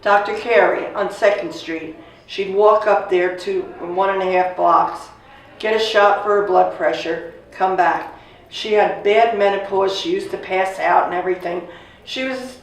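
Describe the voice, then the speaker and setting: A woman in her sixties casually telling a family story, animated and acting out the voices of the people she quotes. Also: mid-range voice, moderate pace. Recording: echoey room, distant mic, faint noise.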